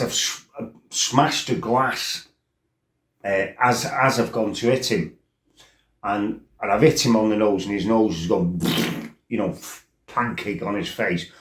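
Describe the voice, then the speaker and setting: A man's voice: lowish voice, echoey room. A man with a blunt, sweary, rambling way of telling stories in a casual chat. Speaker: storyteller. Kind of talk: casual storytelling.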